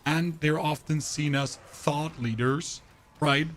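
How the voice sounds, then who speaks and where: Through a voice changer, a man streams a game and rants opinionatedly to his viewers in casual chat, frequently stumbling over words. He sounds fairly high-pitched and a bit bright, speaking slowly with fairly even intonation over slight hiss or hum.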